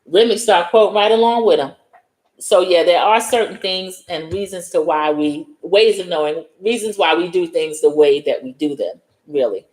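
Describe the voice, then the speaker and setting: A woman's voice: on the low side, moderate pace, a little mellow. A woman with a New York accent retelling a movie scene by scene in casual chat, acting out the characters' lines as she goes. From United States. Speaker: host. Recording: echoey room.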